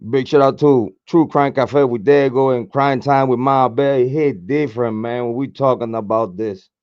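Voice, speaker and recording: A hoarse man hosting a true crime livestream, cursing freely and hyping his chat with repeated chants, speaking into a desk mic. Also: medium pitch, fairly even intonation, normal speed, lo-fi sound. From Puerto Rico. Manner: profane, repetitive hype chants. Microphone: desk microphone, camera off.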